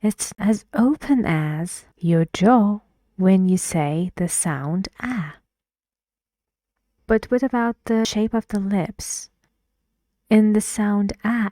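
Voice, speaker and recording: A woman teaching English pronunciation in a slow, patient way, often dropping to a breathy half-whisper. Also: mid-range voice, mellow, dry recording, studio quality. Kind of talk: pronunciation lesson.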